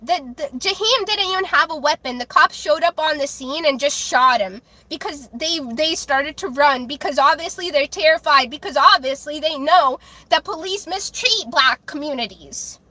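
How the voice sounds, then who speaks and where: A woman livestreaming, ranting angrily to her chat, with halting restarts and repeated words. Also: sits high, bright, forceful tone, no echo. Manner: angry, heated ranting with swearing.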